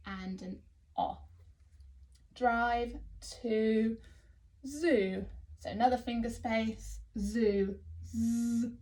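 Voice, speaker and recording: A woman with an English accent teaching phonics to young children, sounding out letters slowly and praising often. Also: a little high, darkish tone. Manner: slow, sounding out letters, encouraging. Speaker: early years teacher.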